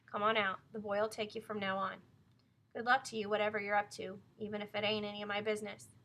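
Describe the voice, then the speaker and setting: A woman's voice: medium pitch, little pitch movement, fast talker, fairly bright tone, natural voice. A woman voicing a plain-spoken old man who drives a wagon, in an audiobook reading. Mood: gruff.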